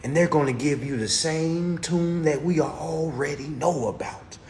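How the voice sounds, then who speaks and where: A man delivering an animated motivational rant to his followers, preachy and repetitive, constantly checking in with his listeners. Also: on the high side, a little slow, roomy sound, slight background noise. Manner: preachy, keeps checking in with "all right?". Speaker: social media host.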